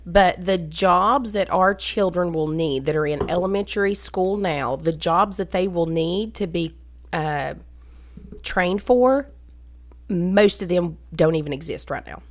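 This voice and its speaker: A woman's voice: lowish voice, a little slow. A woman co-hosting a podcast, chatting casually, jumping in with comments and reactions. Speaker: podcast co-host. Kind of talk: casual chat.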